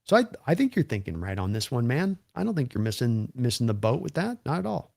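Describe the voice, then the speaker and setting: A man's voice: medium pitch, big pitch swings, brisk, gravelly, darkish tone. A man hosting a live stream, talking casually and rambling through game commentary while reading viewer donations. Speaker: livestream host.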